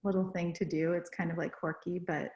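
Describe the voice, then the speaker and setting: A young woman from Texas co-hosts a podcast from home, chatting casually in a rambling way with lots of fillers, restarts, and self-corrections. Her voice is lowish and darkish, with little pitch movement and a fairly quick pace. The recording is reverberant, with the highs cut off.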